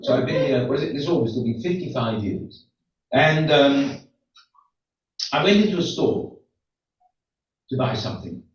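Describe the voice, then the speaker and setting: An older rabbi, not from the U.S., jokes with his congregation in a synagogue hall, wandering into chatty asides. He speaks expressively at normal speed in a mid-range voice, pausing often, and the distant room mic sounds dull and echoey.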